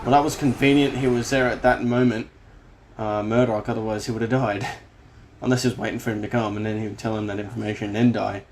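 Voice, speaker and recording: A man's voice: lowish voice, fairly even intonation, fast talker, darkish tone. A man hosting a casual film reaction, exclaiming and swearing freely as he comments, with the film's music playing behind him. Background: film soundtrack playing.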